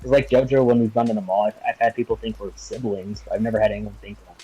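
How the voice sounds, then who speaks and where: A man's voice: on the low side, steady tone, fast talker, dark tone, husky, soft background music, low-quality recording. A young man co-hosting a podcast, chatting casually in a hesitant, rambling way full of fillers. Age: young adult. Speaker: podcast co-host. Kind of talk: casual chat.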